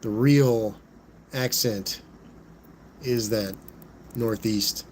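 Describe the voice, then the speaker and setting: A man's voice: lowish voice, fairly even intonation, very slow, a little mellow, slight background noise. A man with a Southern Californian accent hosting a casual livestream, reading out viewer comments in a laid-back way, talking into a phone he holds in his hand. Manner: laid-back, says "like", "rad" and "dude" a lot. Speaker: host reading live chat. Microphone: phone held in hand.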